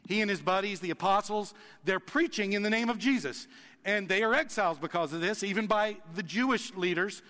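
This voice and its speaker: Male pastor, higher-pitched voice, lively sermon delivery, hall reverb. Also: a little fast. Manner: animated, acts out quoted reactions, laughs often.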